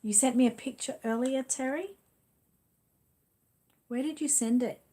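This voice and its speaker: A woman's voice: high voice, a little slow, mellow, breathy edge. A middle-aged Australian woman hosting a casual livestream, chatting and reading viewer comments aloud with frequent laughs. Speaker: livestream host.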